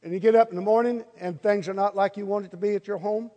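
Male preacher, high voice, folksy and animated, hall reverb. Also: fast talker. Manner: folksy, animated, acts out little scenes. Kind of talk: sermon. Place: church hall before a congregation.

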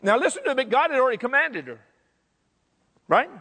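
An older male pastor preaches with emphatic, repetitive force. His voice is high, bright and lively, and it rings out with a long reverb. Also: a little fast. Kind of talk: sermon.

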